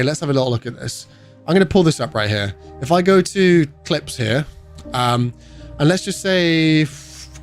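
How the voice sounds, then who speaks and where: Brief: British male streamer, casual and joking, reading chat aloud in a fairly high voice.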